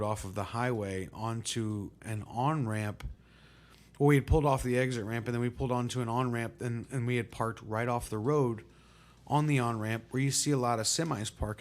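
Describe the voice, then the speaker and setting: A man hosting his own music vlog, telling a story in a relaxed, rambling way with lots of fillers. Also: fairly low pitch. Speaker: host. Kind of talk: casual storytelling to camera.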